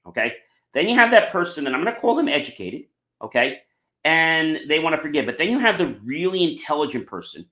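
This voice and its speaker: Animated motivational male podcaster, roomy sound. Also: medium pitch. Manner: emphatic, repeats "okay" and "ladies and gentlemen". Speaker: podcast host. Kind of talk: motivational talk. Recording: roomy echo.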